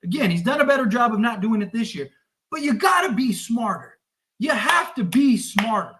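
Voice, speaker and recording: A man hosting a sports livestream, fuming and exasperated as he rants and recaps the game, sometimes shouting. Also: very high voice, animated, a little fast. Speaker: sports podcast host.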